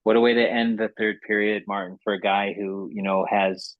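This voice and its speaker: A man with a Canadian accent hosting a podcast, speaking in a halting, heartfelt way that often repeats words. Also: fairly low pitch, flat delivery, dry recording. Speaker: podcast host. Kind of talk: casual interview chat. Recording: tinny dry remote call line.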